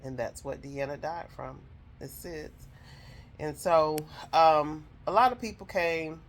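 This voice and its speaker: A woman's voice: low voice, takes it slowly. A woman telling viewers a personal story in an emotional, heartfelt way, speaking straight to them. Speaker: vlogger telling her own story.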